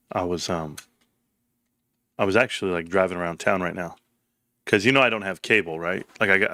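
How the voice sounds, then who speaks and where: A man hosting a casual livestream, chatting to viewers and telling an excitable story, jumping up in pitch when he quotes people. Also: no echo, studio quality. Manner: excitable storyteller, jumps high when quoting others. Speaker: livestream host. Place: home, evening livestream.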